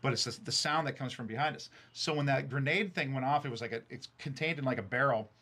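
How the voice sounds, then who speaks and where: A man casually telling road stories from his band days, profane and animated, full of fillers. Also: medium pitch, fast. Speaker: streamer and band frontman. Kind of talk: casual storytelling chat. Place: recording studio.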